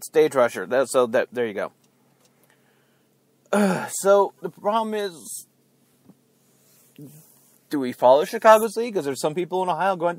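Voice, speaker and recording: A man rants on his own podcast in a loose, sarcastic, chatty way and chuckles at his own jokes. His voice sits a bit high and swings widely up and down. The sound is dry and close, with no room echo. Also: very animated, measured pace, pauses often, darkish tone. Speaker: podcast host. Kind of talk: rambling political rant. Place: outdoors near beeping buses.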